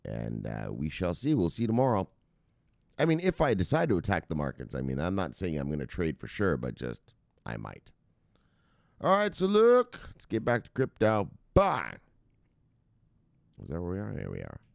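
A man's voice: sits low, huge pitch swings, fairly quick, creaky, a little mellow, dry recording, clean studio sound. A man hosting a crypto news channel, chatting casually and rambling as he reacts to market charts, swearing often and getting hyped. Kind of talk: casual chat, live market commentary.

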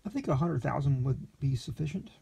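A man doing a scheming smooth city lawyer. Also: mid-range voice, animated, a little fast, mellow, pitched above the performer's own voice, full character voice. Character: greedy smooth-talking male city lawyer.

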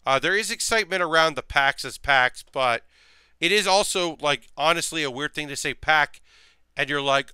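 During a casual live stream of his model build, a man rambles and mutters to himself, thinking aloud while working. His voice is high, sharp, clear and resonant at a moderate pace, recorded dry, and he sounds sleepy, yawning along the way.

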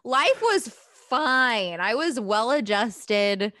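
A young woman co-hosting a casual podcast, joking wryly and laughing often, turning gentle on serious points. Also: a little high, lively intonation, drawn-out words, no echo, clean studio sound. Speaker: podcast co-host. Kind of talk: casual chat.

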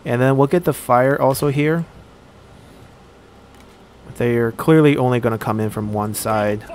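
A man's voice: mid-range voice, a little mellow. Man thinking aloud over gameplay. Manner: thinks aloud, halting with frequent "uh". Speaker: let's play commentator. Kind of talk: casual gameplay commentary.

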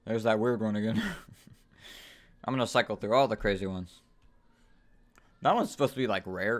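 A man giving let's-play commentary on a horror game, swearing constantly, trash-talking the game's characters and bursting into sudden yells of frustration. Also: low voice, gravelly. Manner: profane, frustrated outbursts and sudden yelling. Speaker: gaming YouTuber.

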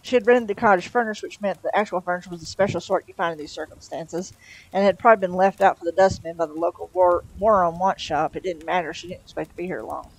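A woman reading a novel aloud in a relaxed, conversational way. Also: on the low side, quick pace, poor audio. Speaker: storyteller.

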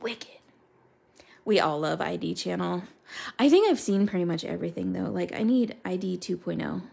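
A woman's voice: on the low side, animated, fairly quick, creaky, mellow, husky. A woman chatting casually and rambling as she colors, talking to her viewers by name. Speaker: crafter coloring live with viewers.

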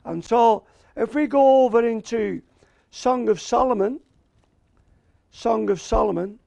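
Australian male preacher, slow, deliberate sermon delivery, high, gravelly tone. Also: warm tone, dry recording, dull audio. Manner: slow and emphatic, repeats key words, asks "Amen?".

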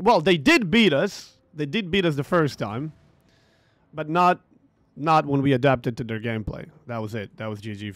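A man's voice: a little high, animated, normal speed, no room sound. A man ranting about a tournament over gameplay, frustrated and swearing, repeating himself as he tells the story. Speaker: gaming streamer.

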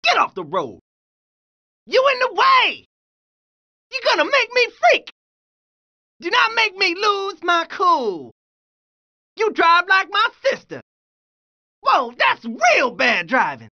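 A man's voice: very high voice, huge pitch swings, slow, pauses often, pushed and bright, muffled recording, heavily acted. A young man voicing a brash, hot-headed street dancer as a video game pedestrian, with yelping slangy exclamations. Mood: angry. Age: young adult.

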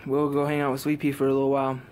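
A man recording a casual vlog outdoors in a driveway, out of breath and talking in halting, quiet, earnest phrases. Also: medium pitch, monotone, slight background noise. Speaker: vlogger. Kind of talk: casual vlog talk to camera.

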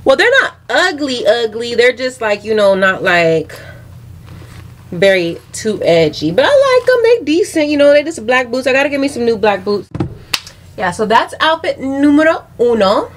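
A woman's voice: fairly high pitch, animated, normal speed, noisy background. A young woman with a Southern US accent chatting casually to her viewers in a vlog, sassy and talkative, calling them y'all and honey. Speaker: vlogger. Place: home closet.

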